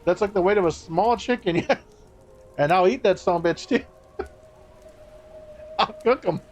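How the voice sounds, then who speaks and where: A live game streamer with a high-sitting voice talks at a moderate pace into a streaming microphone. He chats casually, swearing and laughing as he banters with his chat.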